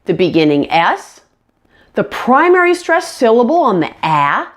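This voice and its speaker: A woman gives an online pronunciation lesson at an unhurried pace. Her pitch moves a lot as she stresses syllables, and she models each word slowly and clearly for learners to copy. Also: big pitch swings. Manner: slow, clear modeling of words for learners to repeat. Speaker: English pronunciation teacher. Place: indoors, on camera.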